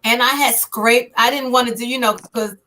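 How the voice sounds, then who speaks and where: Woman, thirties, animated chat host, high-pitched and bright. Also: normal speed. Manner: animated storyteller, acts out her own reactions. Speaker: podcast host. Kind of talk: casual storytelling chat.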